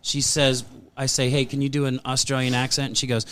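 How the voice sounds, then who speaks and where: A man's voice: mid-range voice, a little fast, a little hiss or hum. Easygoing guy co-hosting, tells stories in plain casual chat, middle voice. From Southern United States. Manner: relaxed, storytelling. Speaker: podcast co-host.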